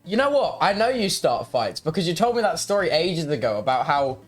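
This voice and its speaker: A man's voice: a little high, sing-song, a little fast, soft background music. A young man chatting casually as a podcast co-host, teasing his friend in playful banter. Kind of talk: casual chat.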